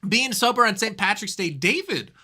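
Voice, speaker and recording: A man's voice: high-pitched, very animated, normal speed, sharp tone. A man hosting a comedy game show, reading out results and scores with an upbeat, laughing manner.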